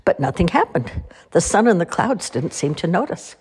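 Expressive storyteller woman, low-ish husky voice, very animated. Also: moderate pace. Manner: expressive, sing-song. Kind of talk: children's story read-aloud.

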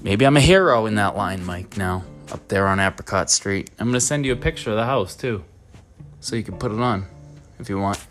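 A man's voice: fairly low pitch, a little fast, soft background music. A man telling a heated, profane anecdote in a voice message. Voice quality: profane, heated, animated storyteller. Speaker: caller telling a story by voice message. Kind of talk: rambling anecdote told to a podcast host.

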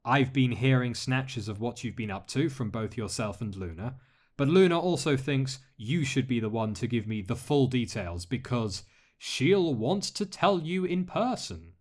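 A man voicing a masked male lord who speaks in a measured, polite way with dry humor. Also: medium pitch, animated, a little mellow. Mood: calm. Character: masked male dark lord, calm, courteous, wry.

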